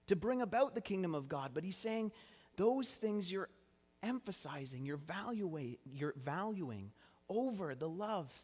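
A man preaching a conversational sermon in a church, earnest and chatty, drawing the congregation in to repeat words with him. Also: high voice. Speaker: pastor. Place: church sanctuary. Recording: long church hall reverb.

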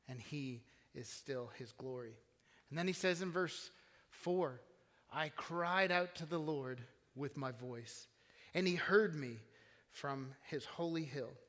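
Pastor, male, somewhat high voice; earnest conversational sermon in a church with long reverb. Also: fairly bright tone. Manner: conversational, earnest, with frequent restarts. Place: church sanctuary.

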